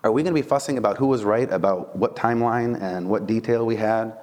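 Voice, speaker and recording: A man with a low voice preaches in a relaxed, conversational way, like a teacher talking to his class. He is animated and keeps checking in with his listeners. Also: quick pace, hardly any pauses. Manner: conversational, animated, asks "right?" and "okay?" often. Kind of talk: casual sermon.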